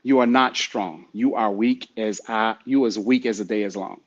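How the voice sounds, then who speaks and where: A man with a lowish voice hosts a motivational podcast at a normal speed, and the recording is muffled. He keeps pressing the listener in a preachy, repetitive way.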